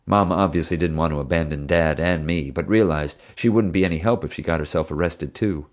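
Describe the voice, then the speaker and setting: A man reading an audiobook in steady, even first-person narration. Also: sits low, brisk.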